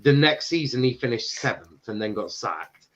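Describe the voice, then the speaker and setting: A man from Ireland hosts a casual football talk show and reads out comments from the chat. He laughs often and stumbles into quick restarts. His voice comes through a dull, lo-fi mic. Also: medium pitch, expressive, fairly bright tone. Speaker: podcast host reading chat. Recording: dull lo-fi sound.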